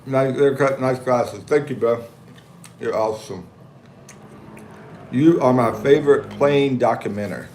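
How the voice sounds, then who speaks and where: A man's voice: medium pitch, unhurried, pauses often, a little hiss or hum. A man on a casual livestream, telling a story in a jokey, slangy way and reading viewer comments aloud. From United States. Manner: animated, slangy, jokey, reads chat aloud. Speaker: livestream vlogger. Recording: echoey room, faint background ambience.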